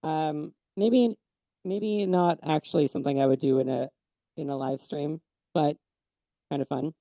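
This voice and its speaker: A man with a pitched-up voice filter. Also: fairly even intonation, unhurried, gravelly, no echo, phone-quality sound. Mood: amused. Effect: high pitch-shift voice filter.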